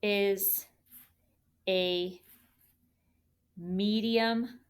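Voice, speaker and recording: A woman's voice: medium pitch, steady tone, very slow, smooth. A woman teaching a phonics lesson to young children, patient and encouraging as she sounds out letters and syllables. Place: classroom.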